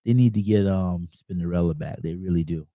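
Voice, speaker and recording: A man's voice: deep voice, fairly quick, warm tone, no echo. A man hosting a casual movie review chat, talking in an easygoing way and telling personal anecdotes. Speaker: host.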